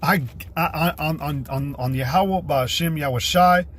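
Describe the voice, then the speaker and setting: A man hosting a livestream rambles through a combative religious rant in a slightly high, fairly bright voice at a measured pace. He swears freely and reads scripture aloud between scornful outbursts.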